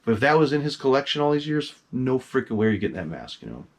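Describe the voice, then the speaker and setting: A middle-aged man, a collector, telling a long story about his masks in casual, excitable talk. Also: medium pitch, quick pace. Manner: animated, excitable, swears casually.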